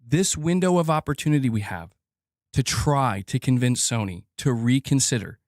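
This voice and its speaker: A man's voice: mid-range voice, animated, normal speed, a little mellow, no room sound, clean studio sound. A man streaming gaming news, delivering an impassioned rant that is full of swearing and repeated words for emphasis. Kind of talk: live stream commentary rant.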